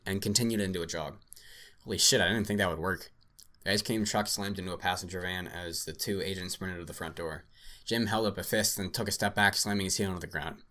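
A man's voice: deep voice, sharp tone. A man hosting a podcast, reading a story aloud and chatting casually, swearing and laughing easily. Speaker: podcast host.

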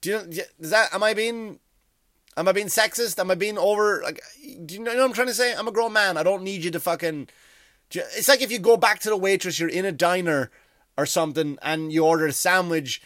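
A man's voice: high voice, brisk, fairly bright tone, no room sound, studio quality. A man, hosting a comedy podcast in a rambling, profane, self-deprecating monologue. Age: 40s. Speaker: podcast host.

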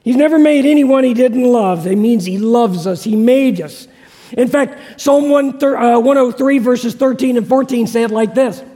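High-voiced pastor preaching in a reverberant hall. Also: male voice, normal speed, dark tone. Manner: conversational, repeats key phrases, asks congregation questions. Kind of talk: sermon.

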